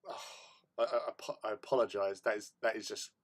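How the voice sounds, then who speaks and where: A man's voice: on the low side, little pitch movement, fast. A man hosting a hobby livestream, chatting casually in a rambling, self-mocking way. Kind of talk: casual chat.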